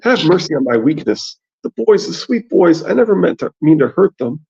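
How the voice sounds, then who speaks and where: Man reading aloud, putting on a higher, whining voice for a wretched, begging priest; lo-fi. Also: sing-song, normal speed, gravelly, darkish tone, slightly rough, full character voice. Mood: pleading. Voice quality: whiny, pleading. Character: weeping, groveling sinful male priest. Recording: dull lo-fi sound.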